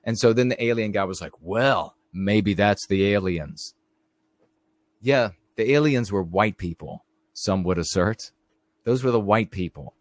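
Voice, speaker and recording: A man's voice: medium pitch, a little mellow, dry recording. A middle-aged man hosting a live stream, telling rambling stories in a casual monologue and talking straight to his viewers. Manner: rambling storyteller, addresses viewers directly.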